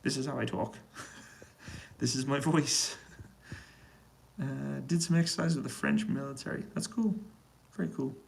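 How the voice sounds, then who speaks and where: British man chatting quietly with a gravelly edge. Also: mid-range voice, measured pace, slight background noise, rough recording. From United Kingdom. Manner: relaxed, quiet voice to avoid waking neighbours. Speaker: livestream host answering chat questions. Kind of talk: casual live-stream chat. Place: hotel room on an army base.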